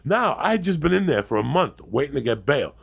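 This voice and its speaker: A man's voice: fairly high pitch, big pitch swings, fairly quick, vocal fry, breathy edge. A Cuban-American man in his fifties, telling brash, swearing comic stories on a podcast and acting out the people in them. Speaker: comedian and podcast guest. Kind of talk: profane comic storytelling on a podcast.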